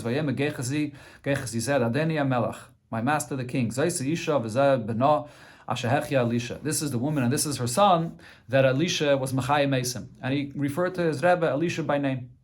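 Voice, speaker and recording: A man's voice: mid-range voice, a little fast. Man teaching a Talmud class. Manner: translates Aramaic phrase by phrase with frequent restarts.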